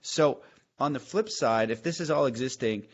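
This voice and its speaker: Male host, enthusiastic, rambling questions, middle pitch, muffled lo-fi audio. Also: normal speed. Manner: enthusiastic, searching, restarts his questions. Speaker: podcast host. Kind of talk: casual chat.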